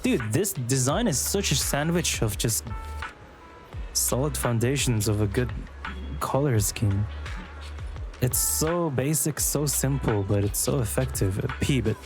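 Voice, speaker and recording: A man's voice: mid-range voice, expressive, measured pace, music in the background. A young man casually commentating a game on a live stream, chatty and joking, gushing about character designs.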